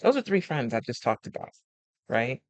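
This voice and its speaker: A man's voice: medium pitch, moderate pace, dry recording, lo-fi sound. A man who is a life coach talking casually about friendship, telling stories and acting out the voices of friends, laughing often. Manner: animated storyteller acting out quoted friends. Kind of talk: casual advice monologue.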